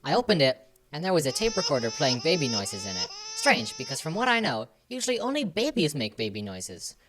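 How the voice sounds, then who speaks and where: Woman doing a low dramatic german director guy, rambles forever, slight hiss behind. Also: sing-song, a little fast. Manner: overdramatic, long-winded storyteller. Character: rambling middle-aged male German film director. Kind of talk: comedy podcast sketch.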